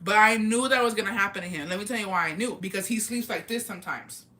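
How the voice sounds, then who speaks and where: A woman's voice: medium pitch, fast. Chatty swearing woman telling stories. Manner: swears freely and laughs often; animated storytelling with lots of fillers. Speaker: livestream host. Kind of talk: casual livestream chat, reading viewer comments.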